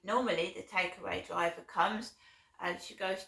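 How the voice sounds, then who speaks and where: A woman's voice: on the low side, fairly even intonation, normal speed, creaky, pushed and bright. A woman vlogging, telling a long aggrieved story in a rambling way and checking in with "right?". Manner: rambling aggrieved retelling, keeps asking "right?". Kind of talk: casual storytelling. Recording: roomy echo.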